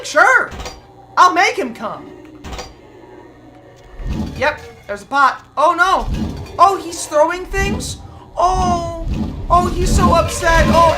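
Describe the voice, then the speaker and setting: A woman streamer giving brash, profane commentary while she plays a game. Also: very high voice. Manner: brash, profane trash talk. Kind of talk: gameplay commentary.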